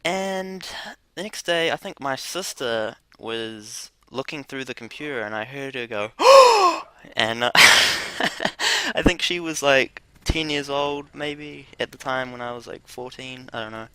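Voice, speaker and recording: A man's voice: medium pitch, expressive, measured pace, sharp tone, clean tone, dry recording. A man telling a crude, rambling story with laughs while commentating over gameplay.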